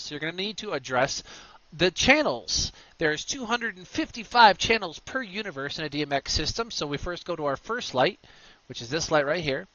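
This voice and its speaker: A man hosting a screen-recorded software tutorial, walking through steps with energetic, punchy instructions. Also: a little high, highs cut off. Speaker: tutorial host.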